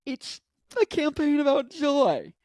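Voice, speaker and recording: A man doing a comic impression of a female politician, with a raised voice and halting, repetitive phrasing. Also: extremely high pitch, sing-song, a little mellow, no room sound, pitched above the performer's own voice, heavily acted. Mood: upbeat. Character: impression of a female politician talking about joy.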